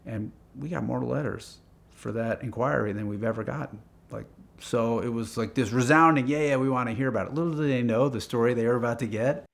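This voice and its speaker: A man telling a casual story about a car project, acting out the phone calls in quick quoted lines. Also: medium pitch, creaky.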